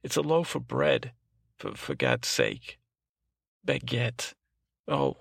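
A man's voice: medium pitch, huge pitch swings, slow, gravelly, breathy edge, dry recording, studio quality, exaggerated voice. A man voicing an overprotective, cranky old grandmother who rambles, trails off and restarts constantly in a comic improvised monologue. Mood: rambling. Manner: meandering, trails off, frequent restarts and "I don't know". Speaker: podcast host.

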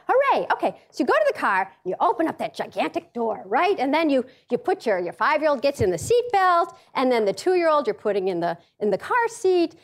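A middle-aged American woman giving a comic talk, telling a story with plenty of laughs and acted-out voices. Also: high voice. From United States. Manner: animated, acts out voices, laughs often.

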